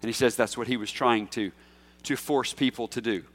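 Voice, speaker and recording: A man preaching an expository sermon, emphatic, rising to loud peaks when he quotes scripture. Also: mid-range voice, steady tone, normal speed, long reverb tail. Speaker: pastor.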